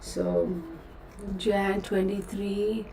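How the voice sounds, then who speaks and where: A woman's voice: medium pitch, fairly even intonation, drawn-out words, mellow, slight background noise. Woman, Texan accent, chatty livestream host, rambling asides, roomy echo, slightly distant mic. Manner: chatty, self-interrupting, addresses viewers as y'all. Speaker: tarot reader, channel host. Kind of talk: casual livestream chat.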